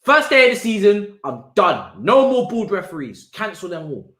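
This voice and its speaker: A man's voice: sits high, very animated, normal speed, fairly bright tone. A man hosting a live football watch-along, ranting in exasperated slang. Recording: roomy echo.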